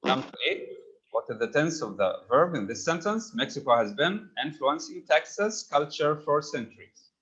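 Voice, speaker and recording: A man's voice: a little high, sing-song, normal speed, a bit bright. Male teacher, online class, patient, calls on students, slightly dull computer-mic sound. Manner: patient, prompting students by name.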